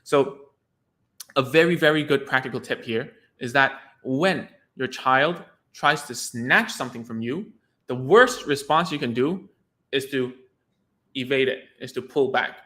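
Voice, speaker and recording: Bright-voiced man giving casual therapy tips. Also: mid-range voice. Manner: chatty, informal, restarts and repeats words. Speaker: speech therapist. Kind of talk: casual teaching talk to camera.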